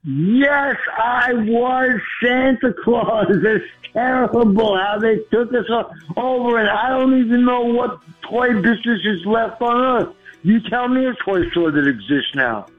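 Eager husky caller on a phone line. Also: male voice, very high voice, animated, unhurried, soft background music. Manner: eager, effusive, laughs often. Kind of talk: phone-in radio chat.

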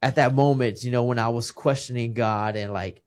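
A man's voice: medium pitch, fairly even intonation, moderate pace. Earnest man telling a heartfelt story. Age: 30s. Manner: emotional, earnest, quotes others' words. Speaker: guest, retired boxer. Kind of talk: personal storytelling in casual chat.

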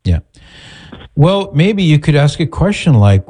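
A male host giving direct, steady advice to a caller. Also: a little high, measured pace, long pauses. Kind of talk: advice talk show.

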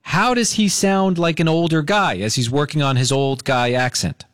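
A male radio host running a call-in show, talking with enthusiastic exclamations and effusive warmth toward his callers. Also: a little high, moderate pace, no echo, clean studio sound. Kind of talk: lively call-in radio chat. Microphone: studio microphone.

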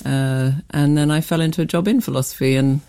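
A middle-aged woman, a writer and commentator, answering interview questions in a radio studio in a measured, hesitant way with many fillers. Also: sits low, fairly even intonation, warm tone, no room sound. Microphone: studio microphone.

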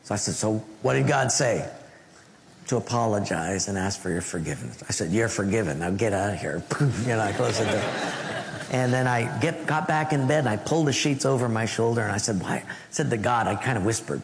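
A man preaching a sermon, telling a personal story and acting out the voices in it, sometimes dropping to a hush. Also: on the low side, a little fast, gravelly, slight background noise. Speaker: pastor. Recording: long hall reverb, faint ambience.

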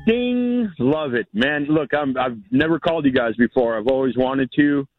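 A man calling in to a sports radio show, eager and animated. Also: mid-range voice, moderate pace. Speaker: caller. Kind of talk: phoning in to radio. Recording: tinny phone line with faint hiss.

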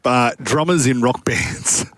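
A man's voice: medium pitch, slow pace, fairly bright tone, no room sound. A man hosting a radio show, teasing his guests in casual banter. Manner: jokey, teasing. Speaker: radio host.

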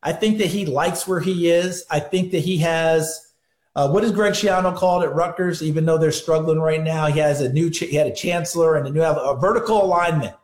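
A man's voice: fairly high pitch, a little fast, a little mellow, roomy sound. A man speaking as a football analyst guest on a sports radio show, telling stories in an emphatic way. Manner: storytelling, emphatic.

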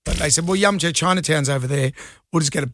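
A man's voice: on the high side, fast talker, fairly bright tone, no room sound, clean studio sound. A middle-aged Australian man co-hosting a radio show, telling rambling anecdotes and laughing easily. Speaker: radio co-host. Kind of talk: casual on-air banter. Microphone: studio mic.

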